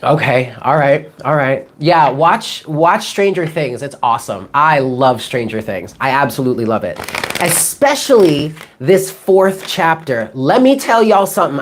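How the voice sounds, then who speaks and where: A woman's voice: rumbling low, slight background noise. A woman in her thirties, a tarot reader, rambling casually on a live stream, swearing freely and answering chat comments. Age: 30s.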